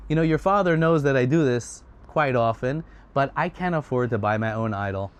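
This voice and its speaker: A man's voice: medium pitch, lively intonation, moderate pace, smooth, close to an everyday voice. A poor older woman chats at length about her offerings and brushes off hard questions. She sounds humble and a little self-deprecating, voiced plainly by a male storyteller. The delivery stays close to a normal speaking voice. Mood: chatty.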